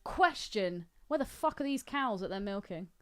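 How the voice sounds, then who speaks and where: A woman's voice: mid-range voice, lively intonation, normal speed, fairly bright tone, clean tone. A woman co-hosting a podcast, chatting in a brash, crude way with frequent swearing and giggles. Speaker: podcast co-host. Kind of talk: casual crude chat.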